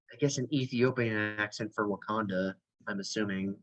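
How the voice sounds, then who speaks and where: A man's voice: on the low side, fairly even intonation, fairly quick, few pauses, fairly bright tone, muffled recording. A man co-hosting a casual film review chat, talkative, with many "like"s. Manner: talkative, laughs easily, many "like"s. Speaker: co-host.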